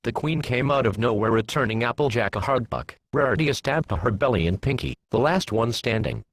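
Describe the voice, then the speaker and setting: A man narrating a fan fiction story in a plain, steady reading voice. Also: mid-range voice, fairly quick.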